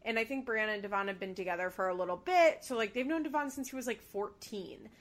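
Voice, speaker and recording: A woman's voice: medium pitch, fast. A woman co-hosting a casual chat, animatedly retelling scenes with lots of filler words. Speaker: podcast co-host recapping a reality show.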